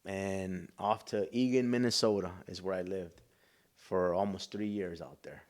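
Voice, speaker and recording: A man's voice: low voice, measured pace, darkish tone. Earnest man telling his story. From Chicago. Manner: earnest, emotional storyteller acting out dialogue. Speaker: guest. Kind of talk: storytelling in a podcast interview.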